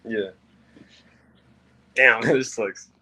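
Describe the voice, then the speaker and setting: A man joining a livestream by remote call, chatting in an easygoing, slangy way with a very quiet mic. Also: medium pitch, extremely slow, poor audio. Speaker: call-in guest. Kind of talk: casual chat on a call.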